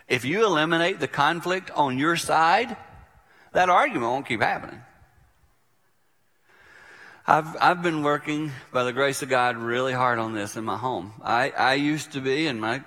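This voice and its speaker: A man's voice: medium pitch, pushed and bright. Middle-aged guy preaching, storytelling style, long hall reverb. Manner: storytelling, acting out quotes, conversational. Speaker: pastor. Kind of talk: sermon.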